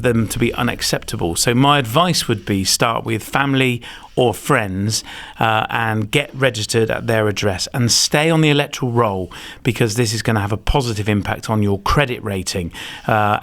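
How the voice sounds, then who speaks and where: A man's voice: mid-range voice, normal speed, fairly bright tone. A man hosting a podcast, chatting enthusiastically and giving advice with plenty of fillers. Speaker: podcast host. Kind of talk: casual chat, giving advice.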